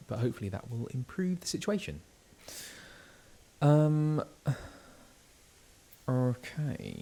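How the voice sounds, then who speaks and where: A man's voice: fairly low pitch, darkish tone, slight background noise. A British man, a voice actor live-streaming a game, chatting casually in a rambling way with lots of fillers. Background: background music.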